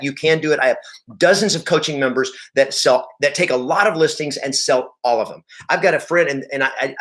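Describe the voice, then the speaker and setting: A man's voice: mid-range voice, a bit bright. Emphatic sales coach, man. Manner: emphatic, repeats points, acts out client talk. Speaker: real estate coach. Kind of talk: motivational sales training talk.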